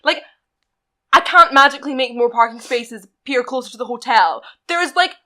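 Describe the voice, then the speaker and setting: A woman's voice: high-pitched, moderate pace, bright, forceful tone. A young woman, ranting sarcastically in a casual podcast chat. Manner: ranting, sarcastic, mimics customers. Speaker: podcast co-host.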